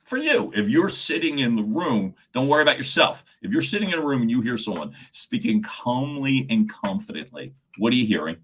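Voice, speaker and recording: Lively, animated male coach. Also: mid-range voice, a little fast, few pauses, slightly rough. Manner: animated, answers viewers' chat comments by name; stumbles and repeats words when excited. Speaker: communication coach. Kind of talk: livestream coaching talk.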